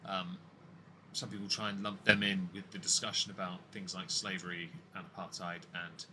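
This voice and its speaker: Blunt, bright-voiced man opining. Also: sits low, flat delivery, normal speed, a little hiss or hum. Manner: blunt, opinionated, frequent restarts. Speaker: podcast co-host. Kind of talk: casual political commentary.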